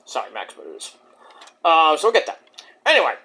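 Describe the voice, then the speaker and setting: A man reviewing a wrestling show in a casual vlog, excitable and profane, with sudden yelled exclamations. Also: a little high, fairly quick.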